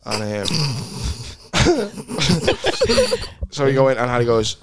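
In a mid-range, sing-song voice with no room sound, this Scouse-accented man from Liverpool, England, is a comedian on a casual podcast. He swears freely while rattling off stories and quick anecdotes.

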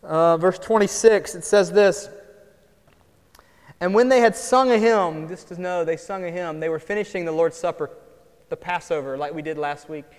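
A man preaching from the pulpit with a high-pitched voice, energetic and conversational. His voice rings out into a church hall that carries a long reverb. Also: normal speed, clear, resonant tone. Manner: lively preaching, swings between loud emphasis and quiet asides. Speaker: pastor. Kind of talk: sermon.

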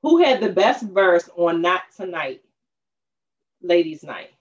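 A woman in casual chat over a music quiz, animated and slangy, laughing as she talks. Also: fairly low pitch, takes it slowly. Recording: dull lo-fi sound.

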